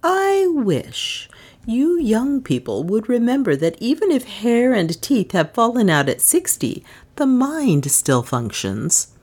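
A woman's voice: a little high, wildly swooping pitch, takes it slowly, darkish tone, voice pushed up, full character voice. A woman voicing a shrewd, indomitable aunt of about sixty who speaks in a dry, chiding, triumphant way. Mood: wry, chiding. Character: sharp-witted indomitable old aunt, sixty.

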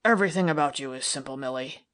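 A woman's voice: very deep voice, quick pace, fairly bright tone, voice pushed down. A woman voicing a cynical, impatient male detective who speaks dryly and sneers. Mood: gruff.

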